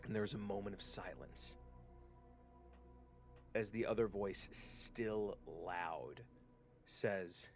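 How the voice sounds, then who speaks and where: A man's voice: on the low side, slow, pauses often, soft background music. A man running a tabletop game as game master, narrating the scene in a descriptive way with some hesitant fillers.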